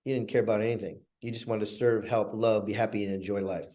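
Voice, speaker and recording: A middle-aged man giving a motivational talk, telling stories with lively acted-out quotes as an event organizer. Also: lowish voice, fast talker. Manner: energetic storytelling, acts out quoted dialogue.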